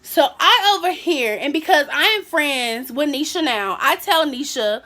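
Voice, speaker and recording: A young woman vlogger telling a high school story in a casual, animated way, acting out what people said. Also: a little slow. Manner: animated, acts out quotes.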